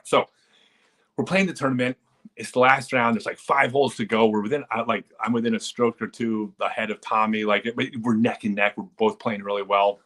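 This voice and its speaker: A man hosting a live stream, telling disc golf stories in a casual, animated way, often chuckling as he talks. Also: medium pitch. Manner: animated storyteller who chuckles and acts out quotes.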